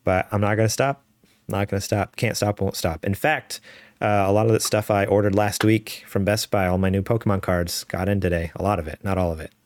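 A man's voice: lowish voice, fairly even intonation, brisk, a little mellow, no echo. A man co-hosting a casual gaming news podcast, enthusiastic, laughing often and reading news stories aloud over a call. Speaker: podcast co-host.

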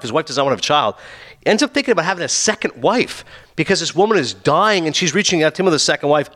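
A man hosting a podcast, reviewing a TV series in casual chat, talking rapidly with lots of fillers. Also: on the high side, fairly bright tone. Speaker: podcast host reviewing a TV show.

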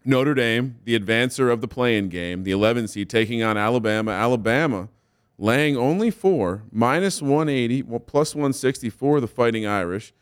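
A man co-hosting a sports betting show, reading out lines and odds with quick banter. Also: medium pitch, clean tone. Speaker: co-host. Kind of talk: casual sports betting chat.

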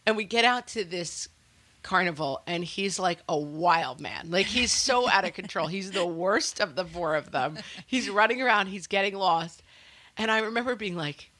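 A woman co-hosting a parenting podcast, telling stories in a chatty way with quick asides. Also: medium pitch, expressive, bright, forceful tone. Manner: chatty, storytelling with fillers and acted quotes. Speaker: podcast co-host. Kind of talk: casual chat.

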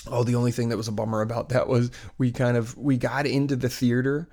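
Gravelly-voiced dad chatting casually. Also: male voice, medium pitch, level tone, fast, few pauses, a little mellow. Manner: rambling, chatty, many fillers and restarts. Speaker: parent recounting a theme park trip. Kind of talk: casual chat.

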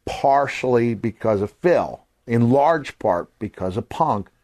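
Older man telling animated stories. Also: mid-range voice, slow pace, no room sound. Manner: animated storyteller acting out quoted voices, voice jumps to a shout on punchlines. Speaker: podcast host. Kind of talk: casual storytelling.

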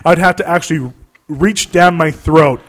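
A man's voice: a little high, moderate pace. A man hosting a podcast in casual, sarcastic chat, laughing often. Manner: animated, sarcastic, laughs a lot. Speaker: podcast host.

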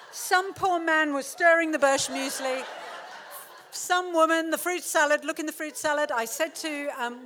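A middle-aged woman telling a funny story to a live theatre audience, animated and laughing, acting out the people in it. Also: high voice, a little hiss or hum. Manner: animated, laughing, acts out quotes. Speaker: author giving a talk. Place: theatre stage.

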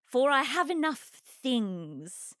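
A woman's voice: sits high, big pitch swings, slow pace, fairly bright tone, no room sound, studio quality, pitched above the performer's own voice, full character voice. A woman voicing a haughty, grandiose wealthy female treasure hunter in a theatrical comic improvised monologue.

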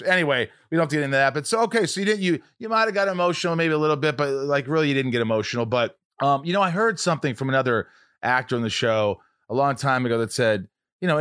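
A man's voice: mid-range voice, fairly bright tone, dry recording, studio quality. A man hosting a podcast, casual and jokey, interviewing his guest. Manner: jokey, emotional, cracks puns. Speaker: podcast host.

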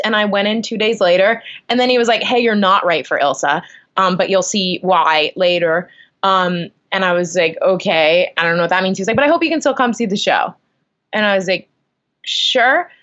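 A young woman telling a story in a casual interview at home, animated, acting out her own reactions. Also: medium pitch, muffled recording. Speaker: guest. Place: at home, on the floor. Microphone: video call.

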